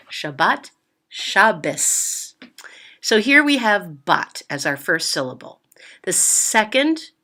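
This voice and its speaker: Woman reading teacher, slow and patient, bright clear tone, repeats each word twice. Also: medium pitch. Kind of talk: slow step-by-step reading lesson.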